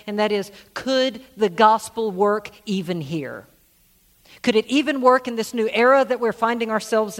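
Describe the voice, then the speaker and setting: A middle-aged male pastor preaching a sermon, telling stories earnestly and repeating phrases for emphasis. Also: high voice. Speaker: senior pastor.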